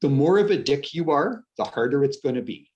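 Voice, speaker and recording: A man's voice: mid-range voice, lively intonation, brisk, darkish tone, highs cut off. A middle-aged man from upstate New York with a Canadian-sounding accent, chatting as an author guest in a casual interview, self-deprecating and full of restarts. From upstate New York, USA. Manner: rambling, self-deprecating, many restarts and laughs.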